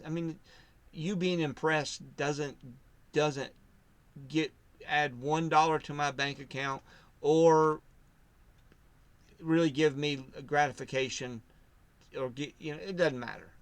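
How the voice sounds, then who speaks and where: A man in casual faith discussion, telling his story in a rambling way, restarting sentences and loudly acting out what others said. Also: a little high, steady tone, slow pace, long pauses, no room sound. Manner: rambling, self-interrupting storyteller who acts out quotes loudly. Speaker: podcast co-host.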